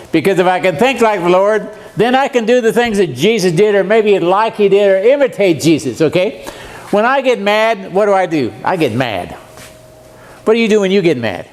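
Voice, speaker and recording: An older man in his seventies preaches a seminar lesson in a church. His voice sits high for a man, and he talks in a folksy, joking way, throwing questions out to the listeners. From USA. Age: 70s. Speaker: guest preacher. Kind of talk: seminar sermon. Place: church meeting room.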